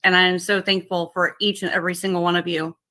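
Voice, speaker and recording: A woman hosting a casual livestream, greeting viewers by name and thanking them over and over, with lots of fillers and restarts. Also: lowish voice. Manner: halting, many fillers and restarts; repeats how excited and thankful she is. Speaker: livestream host.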